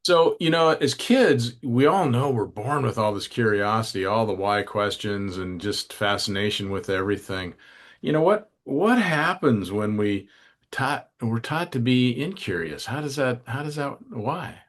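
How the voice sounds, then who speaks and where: A man's voice: mid-range voice, animated, measured pace. A man hosting a podcast interview, reflecting aloud and asking long, rambling questions. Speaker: podcast host. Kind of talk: interview conversation.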